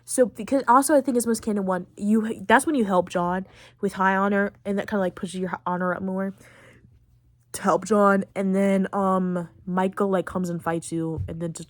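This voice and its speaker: A woman's voice: medium pitch, no echo. A young woman hosting a podcast, rambling through a casual recap with lots of fillers and plenty of feeling. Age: late teens. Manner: rambling, heavy on fillers, emotional about the story. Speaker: podcast host.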